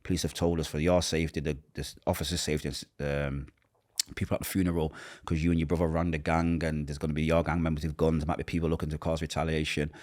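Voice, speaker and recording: A deep-voiced man with a Manchester accent, telling his own story at a quick, pressing pace. He slips into the voices of the people he quotes and goes quiet and low when the memories hurt most. The delivery is raw and unscripted, an interviewee speaking from lived experience. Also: level tone. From Manchester, England. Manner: acts out quoted voices, drops to a hush at painful moments. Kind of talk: emotional personal storytelling.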